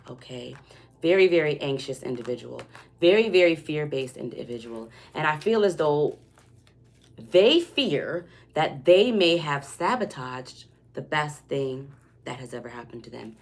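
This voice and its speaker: Tarot reader, woman, low voice, chatty and reassuring, keeps checking in with listeners. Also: lively intonation, measured pace. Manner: conversational, tag questions like "okay?" and "right?". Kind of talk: spiritual reading monologue.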